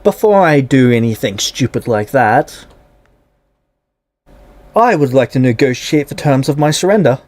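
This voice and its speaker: A man's voice: mid-range voice, expressive, a little slow, long pauses, darkish tone, no echo, lightly acted. A man doing a frantic, unhinged alchemist. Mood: nervous. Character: panicky, unhinged male alchemist hiding in a lair. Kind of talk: tabletop role-play voice.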